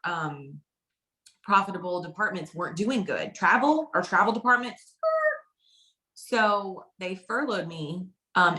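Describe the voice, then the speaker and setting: A woman's voice: lowish voice, a bit bright. A woman consultant telling her personal story in a casual, chatty way, often repeating phrases for emphasis. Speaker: direct sales consultant.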